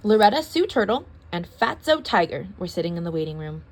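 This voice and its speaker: A young adult woman reading a children's story aloud as storyteller, in a lively, expressive way. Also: on the low side, fairly quick.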